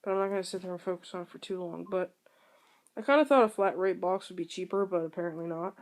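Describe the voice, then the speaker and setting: A woman's voice: on the low side, fast talker. A young woman talking casually to the camera at home, rambling and candid with many ums and restarts. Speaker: vlogger.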